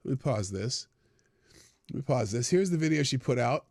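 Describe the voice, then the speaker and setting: A man's voice: medium pitch, expressive, moderate pace, creaky, a little mellow, a little hiss or hum. A man hosting a live stream, giving casual, sarcastic political commentary and thinking aloud.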